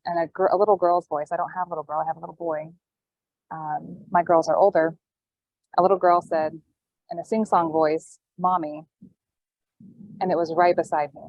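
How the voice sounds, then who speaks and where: A woman guest telling a personal story in casual chat, with halting, thoughtful pauses, calling in from an airport gate over a video call. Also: lowish voice, a little mellow, dry recording. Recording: dull, dry call audio.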